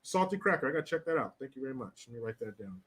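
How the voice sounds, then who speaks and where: A man's voice: mid-range voice, sing-song, rapid-fire, fairly bright tone, slight background noise. A man hosting a casual livestream, reading viewer comments in a crude, mocking way and laughing often.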